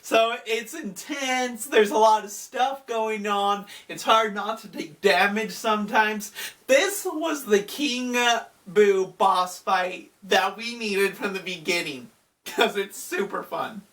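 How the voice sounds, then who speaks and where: A woman casually recapping a video game in a chatty, relaxed way, with frequent fillers. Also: mid-range voice, slow, distant mic. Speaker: gaming video host.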